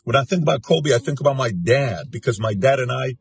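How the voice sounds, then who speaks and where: A man's voice: mid-range voice, animated, fairly quick. A man in his forties hosting, giving an emotional spoken tribute in an earnest, emphatic, repetitive way. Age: 40s. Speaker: host. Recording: music bed underneath.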